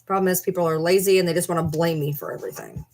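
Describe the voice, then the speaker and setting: A woman's voice: lowish voice, very fast, a little mellow. Chatty woman vlogging from bed. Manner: chatty, drifts into baby talk with her animals. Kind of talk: casual chat to camera while talking to her pets. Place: her bedroom at home.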